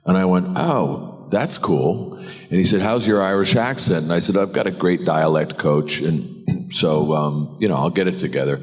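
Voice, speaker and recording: Brief: middle-aged American man, deep voice, lively storyteller, recorded in a big echoey hall. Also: normal speed, faint music behind. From United States. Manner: animated, laughing, acts out quoted voices. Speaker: actor on a convention panel. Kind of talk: anecdotal storytelling. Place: large convention hall. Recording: reverberant convention hall.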